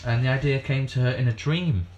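A man co-hosts a casual comedy podcast, rambling through facts in a brisk, mid-range voice with a darkish tone. He fills his talk with fillers and swearing.

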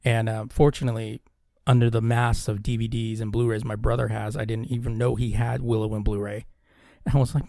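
A man's voice: fairly low pitch, little pitch movement, fairly quick, gravelly, mellow, no echo, studio quality. A man co-hosting a casual podcast, laid-back, chuckling often and swearing casually. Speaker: podcast co-host.

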